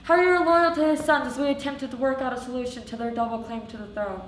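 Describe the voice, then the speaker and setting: A woman's voice: sits high, fairly even intonation, quick pace, close to an everyday voice. A teenage girl in a live school stage play, playing a stern, commanding male king who proclaims decrees and snaps orders. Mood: proclaiming. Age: teens. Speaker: student actor. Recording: echoey hall, distant stage mic, faint hiss.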